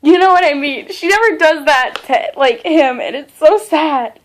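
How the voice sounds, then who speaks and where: High-pitched young girl rambling excitedly about a book, lots of likes and um, casual vlog. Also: moderate pace. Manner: gushing, excitable, lots of fillers and restarts. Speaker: book reviewer.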